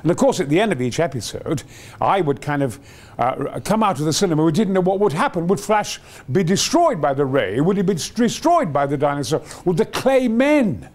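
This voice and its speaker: Older man in his 80s, rambling enthusiast, high-pitched with wide swings. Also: very animated, fairly quick. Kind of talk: reminiscing storytelling.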